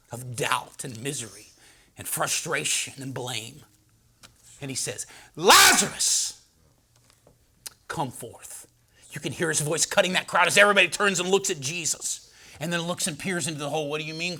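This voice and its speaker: A man preaching a sermon, swinging between loud proclaiming and hushed, dramatic storytelling. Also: on the high side, brisk, breathy edge.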